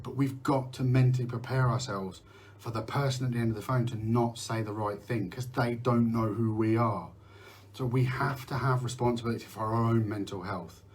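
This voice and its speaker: A middle-aged man from the UK hosting a candid live talk about mental health, rambling, restarting sentences and swearing now and then. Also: mid-range voice. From United Kingdom. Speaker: host.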